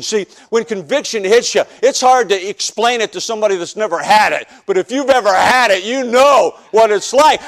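Male pastor from the northern US, high-pitched, animated testimony preacher who jokes and acts out scenes. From northern United States. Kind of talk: preaching a personal testimony sermon.

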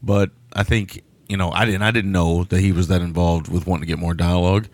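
A man's voice: low-pitched, little pitch movement, a little fast, dry recording. A man co-hosting a podcast, chatting casually about a film, laughing often and stammering into restarts. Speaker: podcast co-host.

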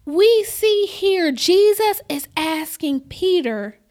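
A woman preaching a sermon, reading scripture deliberately and building her points to loud, emphatic declarations. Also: very high-pitched, lively intonation. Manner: reads scripture slowly and deliberately.

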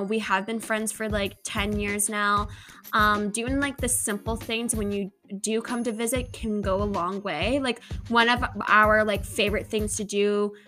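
A woman's voice: mid-range voice, fairly even intonation, unhurried, sharp tone, soft background music. A young woman in casual chat with a longtime friend, speaking sincerely and reflectively, filling her talk with "like" and swearing now and then.

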